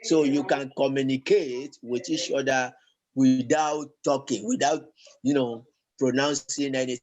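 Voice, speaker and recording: A man teaching a language lesson, talking slowly and haltingly, with many fillers and repeated words. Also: mid-range voice, steady tone, a little mellow, rough recording. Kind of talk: classroom lesson.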